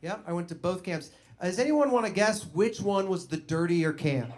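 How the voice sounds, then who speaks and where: A young man doing stand-up, telling a story in an animated way and acting out the voices of other people. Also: sits high, moderate pace. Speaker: stand-up comedian.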